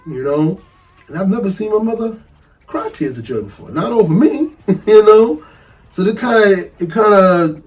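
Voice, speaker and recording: A man casually telling a funny story, animated and profane, laughing often and acting out the voices of people in it. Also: fairly high pitch, recorded from a distance.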